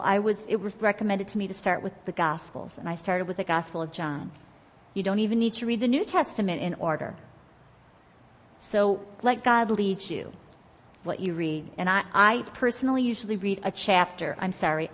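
A woman teaching a Bible study class in an earnest, conversational and encouraging way, reading scripture aloud slowly and with emphasis. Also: mid-range voice, in a large hall.

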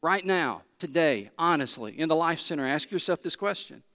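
A male pastor preaching to his church, emphatic, slowing down and repeating key phrases. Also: fairly high pitch, expressive, bright, forceful tone. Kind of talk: sermon. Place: large church hall. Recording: long hall reverb.

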